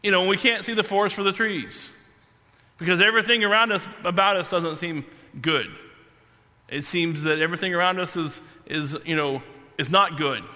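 A man preaching a sermon, halting and repeating himself, then slowing down to stress key words. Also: sits high, sharp tone. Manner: halting, repeats and restarts phrases. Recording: long hall reverb.

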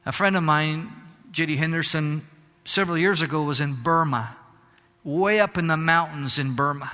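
Fervent preacher man, bright and ringing. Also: on the high side, normal speed. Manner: fervent preaching, rising to shouts; mixes in Spanish phrases. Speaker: pastor. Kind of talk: sermon. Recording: long hall reverb.

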